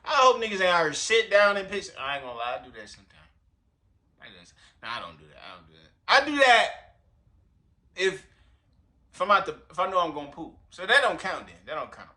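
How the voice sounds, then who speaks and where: A man riffing in casual reaction commentary, slangy and full of profanity. His voice sits high and rings bright and forceful. He jokes in loose asides. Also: sing-song, brisk. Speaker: reaction video host.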